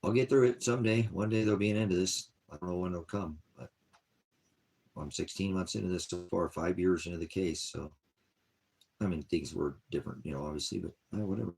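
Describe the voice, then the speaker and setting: This online ministry host's voice is low-pitched, darkish, gravelly and husky, and he talks fairly quickly. In a rambling personal vlog he sighs wearily over his troubles, wandering from one topic to another.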